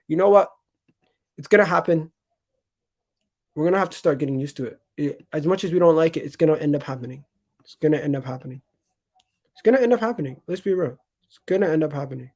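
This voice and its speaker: An animated man hosts a live football stream. He talks straight to his viewers and hammers his points home by repeating them. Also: fairly high pitch. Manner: animated, emphatic, repeats himself; chatty, addresses chat directly. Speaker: football channel host.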